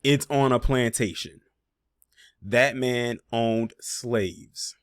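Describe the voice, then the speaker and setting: A man's voice: medium pitch, drawn-out words, smooth, no room sound, clean studio sound. A man hosting a reaction commentary video, talking casually and pointedly, with sarcastic asides and frequent fillers.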